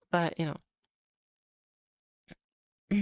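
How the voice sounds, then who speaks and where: A woman's voice: fairly low pitch, sing-song, drawn-out words, a little mellow, no room sound. A woman from Europe streaming as a VTuber, chatting casually with viewers in a rambling way, laughing often and restarting her words. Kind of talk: casual chat reading viewer comments.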